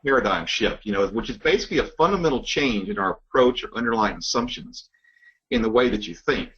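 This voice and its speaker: A man talking in a measured, reflective way during a casual business conversation. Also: on the low side, expressive, a bit bright, dull audio.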